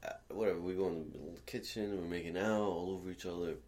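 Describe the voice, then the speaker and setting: Deep-voiced profane man telling stories. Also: fast. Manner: profane, rambling, animated when quoting. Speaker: storyteller. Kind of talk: casual storytelling among friends.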